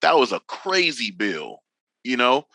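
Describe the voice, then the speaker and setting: A man's voice: mid-range voice, very animated, unhurried, creaky, bright, forceful tone, no room sound, rough recording. A man in his forties from Northern California, a podcast guest chatting casually, telling slangy, profane stories and acting out what people said. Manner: loose slangy storytelling, swears freely, acts out quotes. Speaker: podcast guest, drifting veteran. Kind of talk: casual chat.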